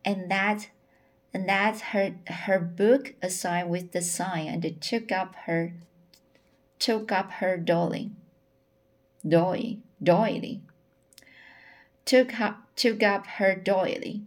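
A woman reading a novel aloud, halting often and repeating words as she corrects herself. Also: mid-range voice, fairly even intonation. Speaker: audiobook reader. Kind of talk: audiobook narration.

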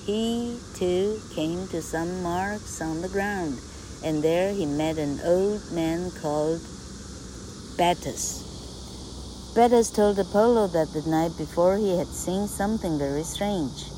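A woman's voice: lowish voice, slow, background noise. A woman reading a myth aloud as a storyteller, reading a passage and then retelling it freely. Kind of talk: bilingual read-aloud storytelling.

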